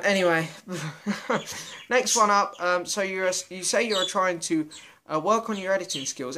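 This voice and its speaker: A man's voice: sits high, bright, forceful tone, slight background noise. Young british guy reading out fan questions, chatty and poking fun at himself. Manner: chatty, self-mocking, reads out viewer questions. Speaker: vlogger. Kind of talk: casual Q and A chat.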